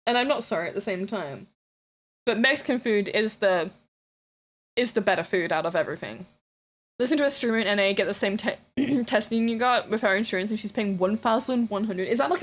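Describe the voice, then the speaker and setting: With a mid-range voice, a woman streamer chats casually with her live chat. She's blunt and playful, teasing viewers, swearing freely, and erupting into excited shouts and laughter.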